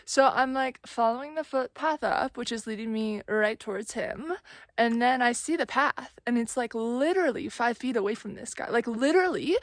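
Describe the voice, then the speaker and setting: Gadatliwa młoda kobieta z Zachodniego Wybrzeża USA. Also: female voice, a little high, no room sound. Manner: chatty, many "like" fillers, exasperated storytelling. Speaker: thru-hiker vlogger. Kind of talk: casual vlog storytelling. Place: outdoors on a mountain trail.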